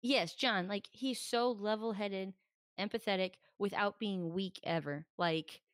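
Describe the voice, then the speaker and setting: A woman's voice: medium pitch, a little slow, clear, resonant tone, no echo. Chatty woman co-host with a mid-range voice who acts out quotes, dry podcast mic. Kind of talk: casual chat. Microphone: podcast microphone.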